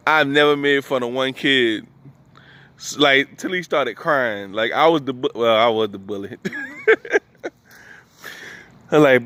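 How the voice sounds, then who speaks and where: Slangy comedian with a New Orleans accent. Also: male voice, medium pitch, a little slow, long pauses, a bit bright. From New Orleans, USA. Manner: loose, slangy, laughing between lines. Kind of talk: stand-up storytelling.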